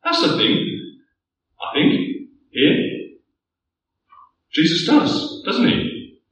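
Male preacher, slow delivery, echoey far-off church recording. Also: very high-pitched, huge pitch swings, a little hiss or hum. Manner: earnest, building to loud rhetorical questions. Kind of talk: sermon. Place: church hall. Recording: echoey distant church room mic.

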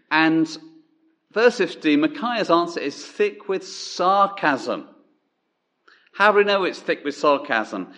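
A male preacher giving a sermon in a measured, emphatic way, dropping low on key words. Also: fairly bright tone.

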